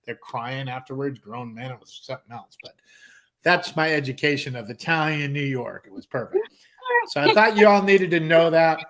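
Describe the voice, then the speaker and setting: A man's voice: on the high side, moderate pace. A middle-aged man co-hosting a casual live stream, telling stories with lots of acted-out voices. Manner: animated storyteller, acts out voices. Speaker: co-host. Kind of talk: casual chat.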